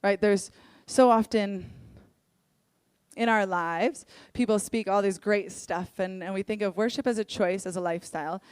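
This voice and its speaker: A young adult woman leading worship, telling personal stories in an earnest, candid sermon and acting out what people said in lively voices. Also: mid-range voice, normal speed, clean tone, dry recording. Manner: earnest, candid storytelling with lively acted-out quotes. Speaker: worship leader.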